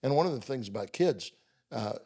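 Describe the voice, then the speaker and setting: A man's voice: mid-range voice, lively intonation, mellow, slightly rough. Older man talking about raising kids. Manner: chuckling, illustrates points with quick quoted dialogue. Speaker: father and podcast guest. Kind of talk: casual family conversation.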